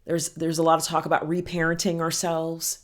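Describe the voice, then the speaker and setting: A woman giving a heartfelt self-help talk as a healing coach, speaking gently and soothingly and calling the listener honey. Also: deep voice, completely flat delivery, brisk. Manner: affectionate, calls listener honey and girl.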